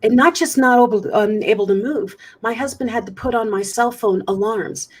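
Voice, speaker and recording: Husky woman telling her story earnestly. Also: fairly high pitch, moderate pace. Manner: earnest, candid storytelling with restarts. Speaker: guest speaker. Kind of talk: interview storytelling.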